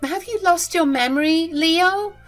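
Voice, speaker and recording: A woman voicing a scheming, spiteful mother-in-law who talks in a shrill, indignant way. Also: measured pace, faint music behind. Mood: shrill disbelief.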